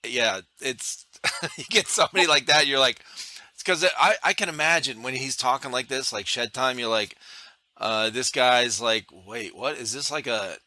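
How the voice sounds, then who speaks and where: A man's voice: medium pitch, normal speed, sharp tone, dry recording. A man hosting a podcast, chatting casually with laid-back, short reactions. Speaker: podcast host.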